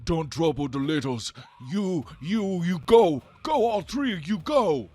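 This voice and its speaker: Give me a man playing a plain-spoken snow giant kid, high and earnest. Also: expressive, measured pace, darkish tone, no room sound. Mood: pleading. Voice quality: broken, simple speech. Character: simple protective young snow giant.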